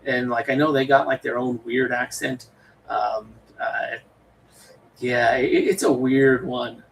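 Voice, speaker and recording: General American man, western US, loose rambling livestream talk, gravelly, slightly distant mic. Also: mid-range voice, steady tone, takes it slowly, slight background noise. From western United States. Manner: rambling, many fillers and restarts. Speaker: livestream host. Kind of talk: casual livestream chat.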